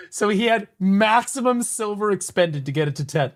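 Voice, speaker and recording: A man's voice: high-pitched, animated, normal speed. Profane, mocking male streamer. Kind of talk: casual livestream commentary.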